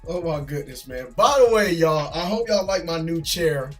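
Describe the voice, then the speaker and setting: A man's voice: on the high side, animated, moderate pace, soft background music. A man who is an army drill sergeant, vlogging from his gaming chair at home in a loose, chatty way. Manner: loose and chatty, often tags "man" and "bro". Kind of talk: casual reaction vlog.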